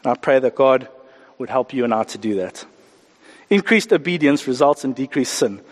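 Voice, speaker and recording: A middle-aged man preaching a sermon, animated and acting out the voices he quotes. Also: medium pitch, normal speed. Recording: hall reverb.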